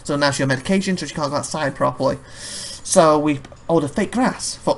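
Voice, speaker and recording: A man's voice: on the high side, quick pace, a little hiss or hum. Man, chatty let's-play host, rambles off on tangents, laughs a lot. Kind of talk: casual gameplay commentary.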